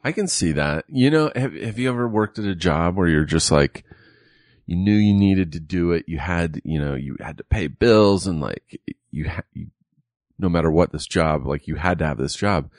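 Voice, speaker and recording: A middle-aged man in casual chat, telling a profane, animated story as a podcast co-host. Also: low-pitched, normal speed, no room sound, clean studio sound.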